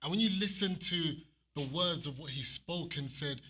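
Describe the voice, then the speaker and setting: A man's voice: a little high, normal speed, pushed and bright, slight background noise. A man preaching an impassioned, emotional sermon as minister.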